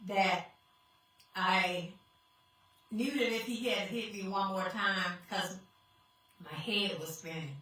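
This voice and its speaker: A woman's voice: medium pitch, takes it slowly, long pauses, sharp tone. A woman giving an emotional personal testimony to a congregation, speaking tearfully and calling out to the crowd as y'all. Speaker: guest speaker sharing testimony. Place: church sanctuary. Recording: echoey hall, voice from far off.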